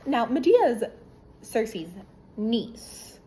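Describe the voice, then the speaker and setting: Female book reviewer, slow-talking, irreverent and profane, casual chat. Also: fairly high pitch, slight background noise, low-quality recording. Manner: irreverent, profane, animated retelling.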